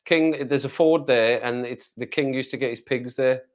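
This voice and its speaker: A man streaming live from England's West Midlands chats casually in a Black Country accent, rambling through replies to viewer comments. His voice is mid-range and his pace moderate.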